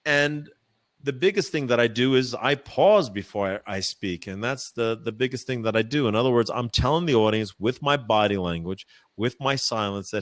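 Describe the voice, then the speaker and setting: A man, a professional speaker, answering interview questions in a chatty, animated way with many fillers and restarts, using a practiced voice dropped low from the diaphragm. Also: normal speed, no echo. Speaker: professional speaker, podcast guest. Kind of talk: casual interview answers, storytelling. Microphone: microphone.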